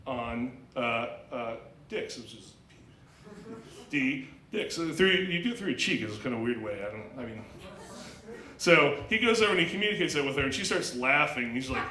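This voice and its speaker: A man doing a stand-up comedy set at an open mic, crude and rambling, halting with lots of fillers. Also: mid-range voice, lively intonation, pushed and bright, roomy sound, slight background noise, poor audio. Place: small club stage.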